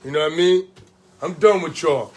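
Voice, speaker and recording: A man's voice: fairly high pitch, normal speed, slight background noise. A man from Connecticut who posts videos and organizes in his community, delivering a heated, profane rant straight to the camera and hammering his points home with repeated rhetorical questions.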